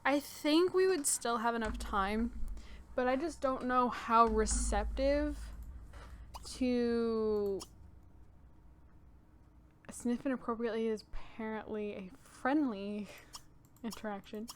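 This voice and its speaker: A woman's voice: fairly high pitch, slow, pauses often, slight background noise. A young woman casually commenting on her own gameplay, thinking aloud with lots of fillers as she decides what to do next. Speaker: gaming channel host. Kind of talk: casual let's-play commentary.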